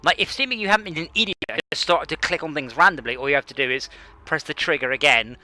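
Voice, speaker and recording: A man's voice: on the high side, lively intonation, fast, very noisy. A man streaming a space game, chatting casually and mocking himself as he plays. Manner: rambling, self-mocking, talks to himself while playing. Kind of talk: casual gaming chat.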